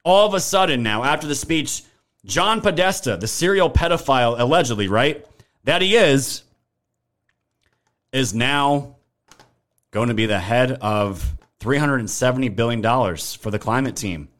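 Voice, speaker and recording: A man's voice: mid-range voice, lively intonation, normal speed, a bit bright. A man hosting a political live stream, ranting in a heated, profane way and thanking viewers in chat. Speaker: livestream political commentary host.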